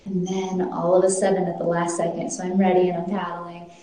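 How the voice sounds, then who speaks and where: A woman's voice: fairly low pitch, monotone, a little fast, warm tone. A woman telling a personal story in an earnest, reflective way, often restarting her sentences. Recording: very echoey room.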